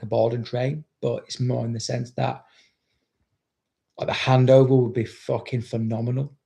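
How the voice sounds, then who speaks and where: A gravelly, dark-toned man's voice at medium pitch belongs to a dog trainer who chats on a livestream, reading viewer comments aloud. He rambles bluntly, cursing nonstop.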